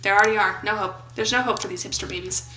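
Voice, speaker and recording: Bright-voiced playful woman gamer. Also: mid-range voice, steady tone, fast, echoey room, slight background noise, poor audio. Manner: playful, goofy, jokes and brief put-on voices. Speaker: gaming YouTuber. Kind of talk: game commentary, reading questions aloud.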